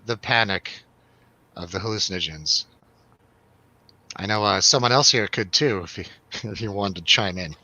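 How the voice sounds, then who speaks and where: A man's voice: on the low side, sharp tone, no room sound, lo-fi sound. A man hosting a radio show, telling a rambling, laughing, swearing story in a casual chat.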